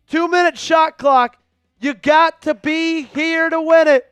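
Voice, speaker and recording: A man's voice: extremely high pitch, fairly even intonation, slow, fairly bright tone, no echo, faint music behind. A man hosting a fan live stream, running a raffle and calling plays from a game in a casual, hyped way. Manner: hypes donors and raffle, calls the game. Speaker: livestream host.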